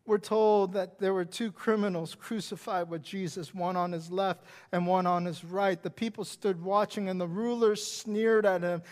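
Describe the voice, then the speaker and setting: A man preaching a sermon as pastor, with repetitive, emphatic phrasing that swings from loud emphasis down to hushed whispers. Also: high voice, fairly even intonation, normal speed, few pauses. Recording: long reverb of a large hall.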